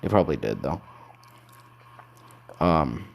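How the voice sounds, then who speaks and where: A man's voice: extremely low pitch, sing-song, takes it slowly, gravelly, slight background noise. A man improvising a fan story, rambling and correcting himself as he goes.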